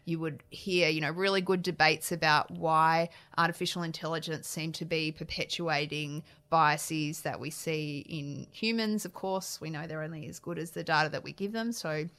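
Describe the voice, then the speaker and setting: Low-voiced Australian woman politician. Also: steady tone, moderate pace, few pauses, fairly bright tone. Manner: earnest, frank, restarts phrases. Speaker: politician, shadow minister. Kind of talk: interview answers.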